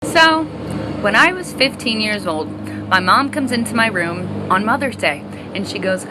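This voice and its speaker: A woman telling a funny story in a lively way, acting out the voices in it. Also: mid-range voice, normal speed, slight background noise, low-quality recording. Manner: animated, acts out voices. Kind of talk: casual storytime.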